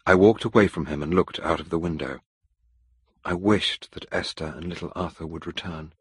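Deep husky man reading a story. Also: steady tone, normal speed, no echo. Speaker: audiobook reader. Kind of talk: scripted narration.

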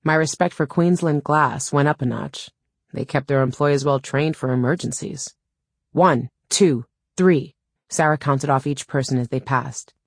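A woman's voice: very deep voice, steady tone, moderate pace, no room sound. A woman reading a first-person audiobook in a wry, dry storytelling manner, close to a studio mic. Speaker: audiobook narrator.

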